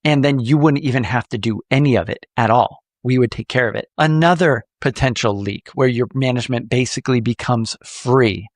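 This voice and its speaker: A man hosting a podcast, coaching listeners in a lively, animated way with playful jokes. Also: medium pitch, fairly quick, hardly any pauses, dry recording, studio quality. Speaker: podcast host.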